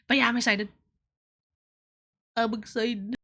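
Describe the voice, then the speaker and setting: A young woman streamer in casual live chat, excitable and loud, laughing often. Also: fairly high pitch, unhurried.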